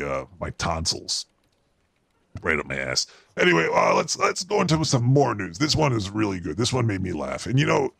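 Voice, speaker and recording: A man's voice: deep voice, no room sound, exaggerated voice. A man voicing a paranoid, foul-mouthed male cartoon rat who hosts a show and rants crudely and with exasperation about the news. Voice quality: gravelly. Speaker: show host. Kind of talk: comedic news rant.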